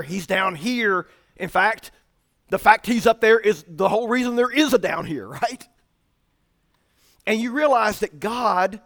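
Male pastor, high-pitched, emphatic teaching sermon. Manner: emphatic, explanatory preaching.

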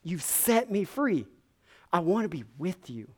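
A man's voice: medium pitch, unhurried, natural voice. A man voicing a freed, formerly possessed man who is overjoyed and eagerly pleading. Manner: excited, urgent, pleading.

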